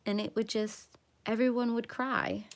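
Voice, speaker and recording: A woman's voice: on the high side, fairly even intonation, unhurried. A young adult woman hosting a casual coloring livestream, chatting in a rambling, self-mocking way with lots of repeats. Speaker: livestream host.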